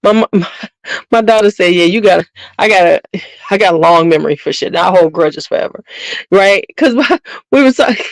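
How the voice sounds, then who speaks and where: A woman's voice: on the low side, dry recording, poor audio. A middle-aged woman hosting her channel, chatting casually and bluntly with viewers in a gossiping, slangy way. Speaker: beauty channel host.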